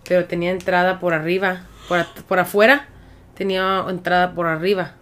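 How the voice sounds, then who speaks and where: Speaking quickly with little pitch movement, this woman has a fairly low, fairly bright voice. As a podcast co-host from Mexico, she chats casually and tells stories, mixing English and Spanish with plenty of swearing.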